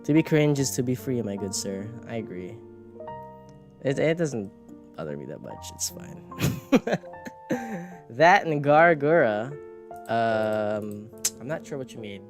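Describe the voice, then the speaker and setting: Slow, rambling, self-mocking man. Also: medium pitch, very animated. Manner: rambling, self-mocking, swears, laughs often. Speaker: streamer and animator. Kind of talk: casual chat while drawing. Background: soft background music.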